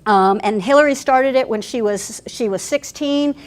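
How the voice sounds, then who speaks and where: A woman pastor telling stories in a workshop talk, animated and chatty with frequent restarts. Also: a little high, moderate pace.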